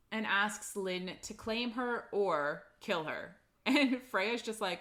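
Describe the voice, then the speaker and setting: Taking it slowly, a woman with a medium-pitched, slightly bright voice loosely recaps a book's plot on the casual book-club podcast she co-hosts. Her chatter is full of "like" and the occasional swear.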